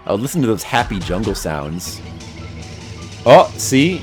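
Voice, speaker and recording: A man with a low, slightly rough voice and lively intonation streams a video game at a measured pace, with soft music behind him. He chats casually with his viewers, cracking goofy jokes over the gameplay and laughing often.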